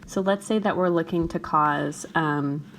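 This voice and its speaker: With a deep, unhurried voice carrying a gravelly morning quality, a woman teacher works through a chemistry problem in a recorded screencast lecture. She checks in with her students frequently, and background noise is audible.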